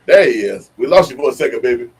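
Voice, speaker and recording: A man hosting a casual live video chat, relaxed and encouraging toward his guest. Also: medium pitch, fast talker, soft background music. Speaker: show host.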